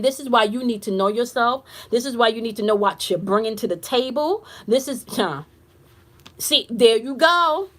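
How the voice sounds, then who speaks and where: A woman's voice: on the high side, fairly bright tone. A woman who works as an intuitive reader and coach tells a client story on a casual live stream. She talks bluntly, swears freely, and speaks straight to her viewers.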